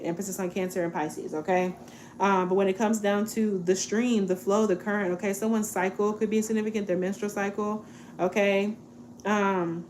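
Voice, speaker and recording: Twenties woman, casual tarot reader, slightly low voice, chatty and laid-back, light hiss in the recording. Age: 20s. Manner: chatty, relaxed, says "okay?" a lot.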